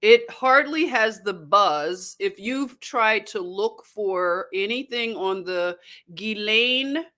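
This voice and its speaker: A woman hosting a casual livestream, chatty and excitable, greeting viewers and reacting to their comments. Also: medium pitch, takes it slowly. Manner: chatty and excitable, often laughing. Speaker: livestream host.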